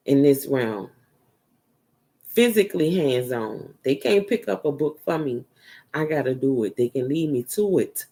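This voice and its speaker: A woman's voice: low-pitched, darkish tone. A woman giving a casual spiritual energy reading, talking in a loose, rambling way that drifts into murmurs. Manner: loose, rambling and repetitive, drifting into murmurs while searching a book. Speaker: spiritual reader.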